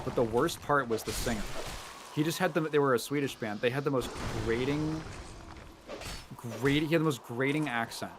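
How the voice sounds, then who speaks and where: Male streamer, chatty and rambling, laughs easily; mid-pitch voice, noticeable background noise. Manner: rambling, self-deprecating, laughs often. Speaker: gamer streaming with a friend. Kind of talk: casual chat.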